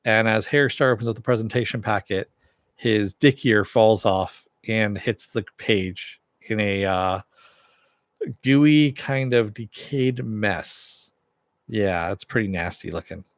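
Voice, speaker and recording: A man's voice: slow, dry recording. A man casually recapping a TV episode in a rambling way, full of fillers, lifting his voice when he quotes the characters. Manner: rambling, many fillers, raises pitch when quoting characters. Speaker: TV episode reviewer.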